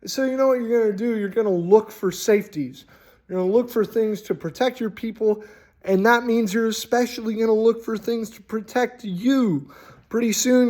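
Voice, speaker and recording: A man hosting a casual, rambling talk on tabletop role-playing, animated and full of swearing. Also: high-pitched. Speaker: host.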